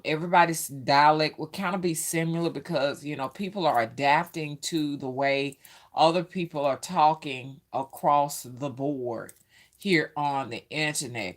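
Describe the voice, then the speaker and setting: A Southern US woman hosting a casual live stream, her voice sitting on the lower side. She talks at an unhurried pace, greets her viewers by name and often stops to fill a pause with "um". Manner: chatty, greets viewers by name, frequent ums. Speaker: livestream host.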